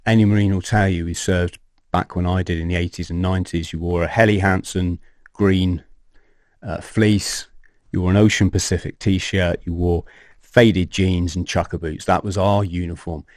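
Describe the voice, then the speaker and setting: A man in his fifties tells a tale as a podcast guest. His voice sits low, and the sound is dry and close. He acts out what others said and swears without a second thought. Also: moderate pace, no echo. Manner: animated, acts out quoted dialogue, swears casually. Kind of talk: storytelling in an interview.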